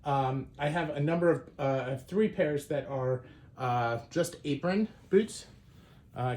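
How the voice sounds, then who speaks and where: Man, casual vlog host, conversational, lots of ums and restarts, mid-pitched voice. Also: a little mellow. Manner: conversational, many fillers and restarts. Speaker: shoe collector and channel host. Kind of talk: casual show-and-tell vlog.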